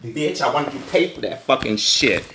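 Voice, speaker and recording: A man in a heated argument in a hotel room, talking loudly in a rambling, profane, erratic way. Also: mid-range voice, animated, normal speed, far from the mic. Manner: loud, rambling, profane, erratic, breaks into sing-song. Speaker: unwanted guest in a hotel room. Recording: echoey room with background noise.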